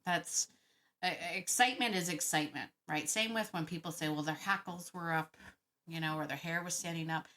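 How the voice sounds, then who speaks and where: Chatty woman with a bright voice. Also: on the low side, fairly quick. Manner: chatty, thinks out loud, laughs often. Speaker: dog trainer podcast host. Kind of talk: casual Q&A monologue.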